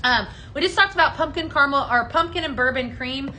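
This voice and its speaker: A woman with a bright, forceful voice, pitched a little high, hosts a live shopping show from a studio set. Her delivery is upbeat and chatty as she demos products and calls out viewers by name. Faint noise sits behind her. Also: fairly quick, poor audio. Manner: chatty and upbeat, selling, reading viewer comments aloud. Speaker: host of a live home fragrance sales show. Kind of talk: live on-air product demo chat. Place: studio set under hot lights.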